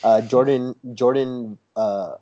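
A man chatting casually as a guest, an enthusiastic storyteller who acts out what others said in a lively, raised voice. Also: mid-range voice, slow. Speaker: toy photographer guest. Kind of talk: casual chat. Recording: dull lo-fi sound.

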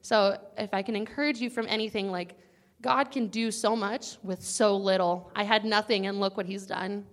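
A woman's voice: medium pitch, steady tone, normal speed. A young woman casually sharing a personal testimony with a campus group, earnest and chatty and at times close to tears. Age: young adult. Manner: earnest, casual, chatty with many likes and guys.

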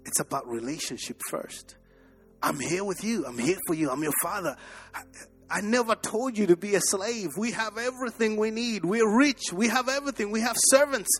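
A man preaching, acting out a patient, loving father who gently reassures his son. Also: high-pitched, moderate pace, slightly rough, soft background music. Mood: reassuring.

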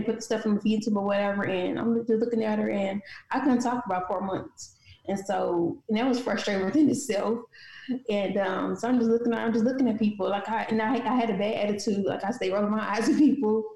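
A woman's voice: medium pitch, a little mellow, roomy sound, rough recording. A woman from St. Louis, a guest author and speaker, telling her story candidly with many restarts in an interview. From St. Louis, USA. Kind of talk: interview conversation.

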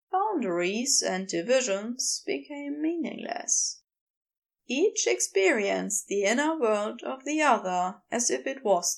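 Woman narrator, audiobook story reading, slow, lively, gravelly voice. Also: a little high. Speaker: podfic reader.

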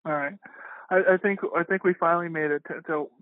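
High-voiced man on a dry, tinny line. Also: steady tone, brisk, dry recording. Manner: hesitant, self-deprecating, laughs often. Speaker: podcast co-host. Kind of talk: casual chat.

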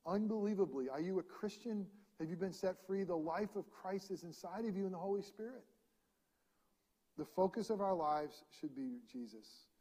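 A man preaching a sermon as pastor, reading scripture aloud and swinging between ringing proclamation and hushed, intimate passages. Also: high voice, expressive, normal speed, slightly rough. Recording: long reverb of a large hall.

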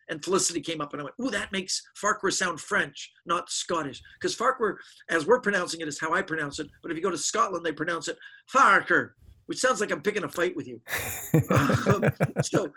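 A middle-aged man, a touch husky, spins stories in a high and bright voice. He slips into the voices of people he quotes. The talk is loose and casual, like an interview. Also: a little fast, rough recording. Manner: animated storyteller acting out quoted voices. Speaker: guest magician.

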